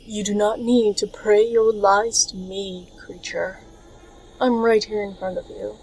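A woman's voice: mid-range voice, little pitch movement, measured pace, a little mellow, soft background music, close to an everyday voice, rough recording. A woman voicing a pitiless female fallen angel in a fantasy audiobook, cold and contemptuous.

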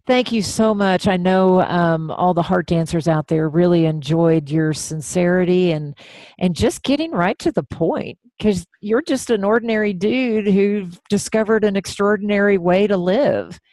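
A woman's voice: on the low side, moderate pace, a little mellow, no echo. A woman hosting a radio show, chatting with a guest in an affirming, enthusiastic way. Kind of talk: casual interview chat.

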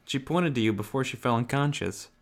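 A man plays a hard-boiled noir detective who presses a suspect with dry, pointed questions. His delivery is level and unhurried, with small restarts as he circles in on his point. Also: medium pitch, natural voice. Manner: dry, probing, stumbles into restarts. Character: probing hard-boiled male detective narrating in first person.

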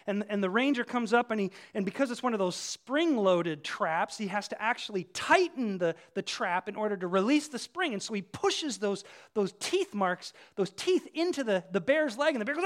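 Preaching conversationally with lively intonation and a slightly fast pace, this pastor's voice sits high. He illustrates his sermon with vivid everyday examples, moving between quiet passages and loud ones.

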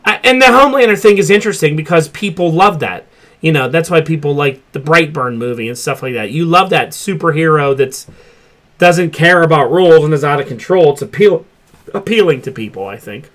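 A man's voice: a little high, animated, fairly quick, fairly bright tone. A man hosting a casual pop culture chat show, talking loosely and swearing freely. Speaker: podcast host.

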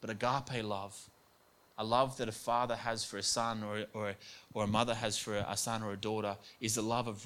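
A man's voice: fairly low pitch, flat delivery, moderate pace, fairly bright tone. Earnest male preacher. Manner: earnest, acts out quoted voices, repeats words for emphasis. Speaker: pastor. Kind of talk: sermon.

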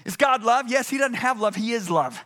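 Emphatic high-voiced male preacher. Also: lively intonation, normal speed. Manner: emphatic, swings from loud urgent peaks to hushed low passages. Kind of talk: sermon.

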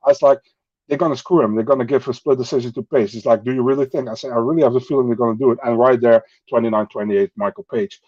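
A man's voice: medium pitch, fairly even intonation, fast talker, a little mellow, no echo, highs cut off. A man from the Netherlands, a native Dutch speaker, talking bluntly as a podcast guest in casual chat, with non-native phrasing and swearing.

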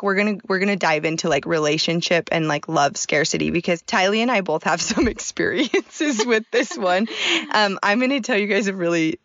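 A woman's voice: on the low side, fairly bright tone, dry recording, dull audio. A woman in her thirties co-hosting a podcast, telling a personal story in a chatty way and laughing often. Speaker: podcast co-host. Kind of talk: casual podcast chat.

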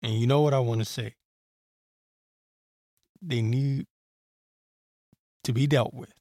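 Speaking slowly in a mid-range, somewhat mellow voice with fairly even intonation, a man delivers solo political commentary on his podcast. He's heated and rambling, with frequent profanity and fillers, captured in clean studio sound without echo.

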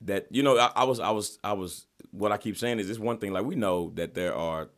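Fast-talking low-voiced man telling a story. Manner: animated storytelling, heavy slang and profanity. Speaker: podcast host. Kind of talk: casual podcast chat.

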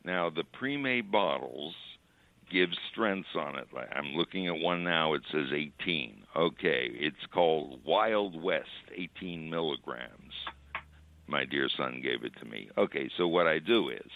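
An older man calling in to a chat show, explaining things in a formal, measured way. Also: a bass voice, lively intonation, vocal fry, no room sound. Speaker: phone-in guest. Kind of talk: casual chat. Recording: tinny phone line.

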